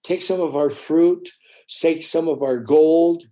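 A man voicing a grasping, excitable older village king who hands out urgent commands. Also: on the high side, slow. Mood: urging.

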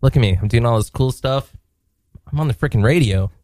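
A man's voice: medium pitch, a little fast, mellow, no room sound, studio quality. A man co-hosting a comedic radio show, joking about himself with frequent laughs. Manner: laughing, self-mocking asides.

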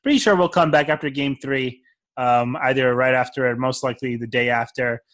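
A man's voice: mid-range voice, fairly even intonation, a little fast, fairly bright tone. A young man hosting a casual sports podcast, talking in an upbeat, enthusiastic fan's way. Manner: upbeat, enthusiastic fan talk. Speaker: podcast host.

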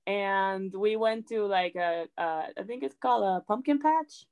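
A young woman as an interview guest, chatting in a lively way, acting out quotes and saying "like" a lot. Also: medium pitch, a little slow, smooth, low-quality recording. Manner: chatty, animated, acts out quotes, says "like" often. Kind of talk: casual storytelling.

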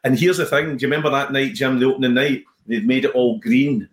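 A Scottish man, a comedian and guest, chatting casually and telling animated stories with many restarts. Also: medium pitch, fast. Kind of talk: casual chat. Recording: roomy echo.

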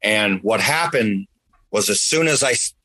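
A man's voice: on the low side, expressive, a little slow, bright, forceful tone, breathy edge, low-quality recording. A man earnestly telling a personal story in a rambling, conversational way, now and then making sound effects.

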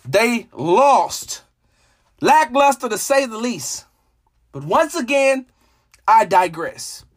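A man hosting a solo sports show, talking in a dramatic, emotional way that jumps between hushed asides and shouting. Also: very high-pitched, very animated, takes it slowly. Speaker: sports podcast host. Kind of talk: animated solo sports commentary.

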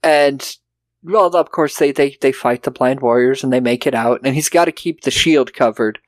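A man with a medium-pitched voice talks at normal speed, with no echo. He co-hosts a casual film review podcast, cursing freely, joking around and voicing characters' lines during his recaps.

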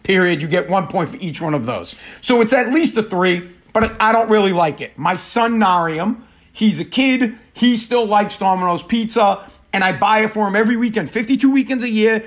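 A man's voice: high voice, animated, normal speed. A middle-aged man hosting his podcast, telling an angry story in a casual, profane rant full of quoted dialogue. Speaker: podcast host. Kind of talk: casual ranting monologue.

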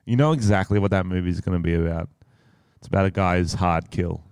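Australian podcast co-host, low clear voice, crude quick humor. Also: male voice, darkish tone, dry recording, clean studio sound. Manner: joking, crude, quick banter. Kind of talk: casual comedic chat.

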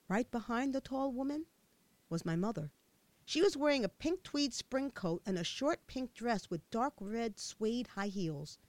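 A woman narrating a first-person memoir, telling the story with a childlike viewpoint. Her voice sits fairly high and moves a lot in pitch. The recording is dry and close, with no room sound. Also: lively intonation, unhurried, no room sound. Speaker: audiobook narrator.

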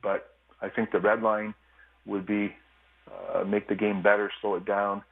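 A former hockey player calling in as a radio guest, telling stories in a relaxed, easygoing way with lots of fillers. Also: male voice, on the low side, a little slow, vocal fry, husky. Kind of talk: casual phone interview. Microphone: phone line. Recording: tinny phone line.

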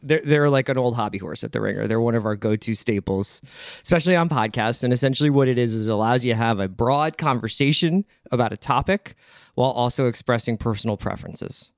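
A man on a podcast walks through an idea in a relaxed, explanatory manner. His voice sits at an ordinary middle pitch, and the recording is dry and close with no room sound. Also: fast talker, no echo. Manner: explanatory, easygoing, trailing off softly. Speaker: podcast guest. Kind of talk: casual chat.

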